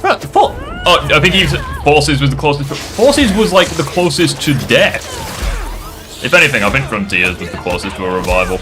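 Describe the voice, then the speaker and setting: A man's voice: medium pitch, fairly quick, over music. A man streaming a game, joking and swearing in a casual chat with friends, often repeating phrases in teasing bursts.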